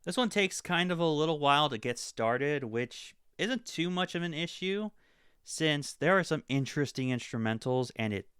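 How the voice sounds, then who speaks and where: A young man talks through an album review in a loose, upbeat way, tossing in plenty of casual fillers. His voice is smooth and crisp, recorded close and dry with no room sound. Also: medium pitch, fairly bright tone, dry recording.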